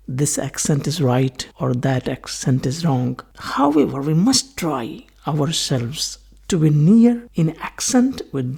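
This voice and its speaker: A man giving a recorded linguistics lecture, explaining slowly and repeating his points. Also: a little high, creaky, darkish tone, husky.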